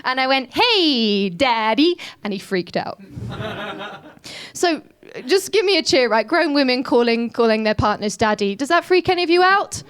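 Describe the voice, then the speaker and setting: A woman doing a stand-up comedy set, giggly and animated, laughing through her lines. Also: fairly high pitch, normal speed.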